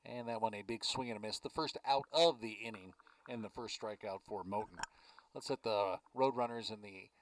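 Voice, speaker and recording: A man calling a baseball game play by play from a ballpark press box, chatting easily between pitches. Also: moderate pace, recorded from a distance, slight background noise, rough recording. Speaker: play-by-play announcer.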